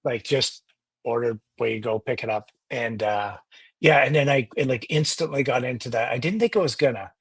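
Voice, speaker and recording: A man's voice: medium pitch, moderate pace, breathy edge, no echo. A man from Canada joining a livestream as a guest, chatting in an easygoing, agreeable way. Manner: easygoing, agreeable, many "yeah"s. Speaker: guest caller. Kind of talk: casual chat.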